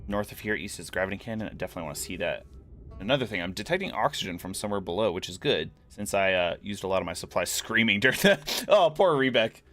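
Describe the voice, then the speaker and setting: Man, lowish voice, relaxed rambling let's-play commentator thinking out loud, faint game music underneath. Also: quick pace. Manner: musing aloud, relaxed, rambling. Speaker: gaming streamer. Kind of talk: casual gameplay commentary.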